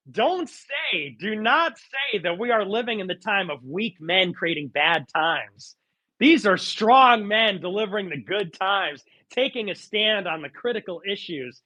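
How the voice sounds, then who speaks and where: A man with a high, bright, sharp-edged voice ranting in a live audio chat. His talk is sarcastic and mocking, with sudden theatrical outbursts. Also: expressive, unhurried. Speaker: streamer.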